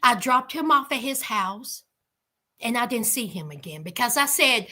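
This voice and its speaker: A sassy reality TV commentator reacts to a reality show, speaking straight to her viewers and calling them honey. Her high, bright voice swings up and down with lively energy at a normal speed.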